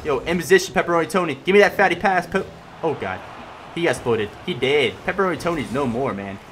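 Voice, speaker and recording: A young man giving casual gameplay commentary as he plays, excitable and swinging between loud yelling and mumbled asides. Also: on the high side, fast, a little hiss or hum. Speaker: gaming commentator.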